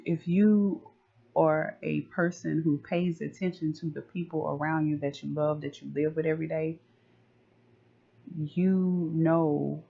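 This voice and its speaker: Relationship coach, male, gravelly and flat-toned; casual slang-heavy advice, dull lo-fi audio. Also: fairly high pitch. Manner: conversational, loose slang, acts out family talk.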